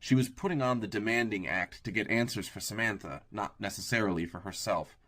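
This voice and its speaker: A man narrating an audiobook in a steady, even storytelling manner. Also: on the low side, brisk.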